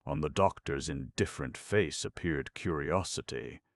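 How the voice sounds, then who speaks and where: A man narrating a classic short story for an audiobook in a measured, literary way. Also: extremely low pitch, creaky. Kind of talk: scripted narration.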